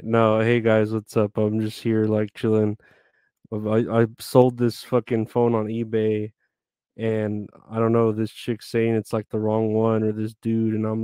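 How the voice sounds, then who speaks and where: A man's voice: fairly low pitch, warm tone, smooth, no room sound, studio quality. A tired man streaming live, chatting in a rambling, irritable way and swearing a lot. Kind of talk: casual live stream chat.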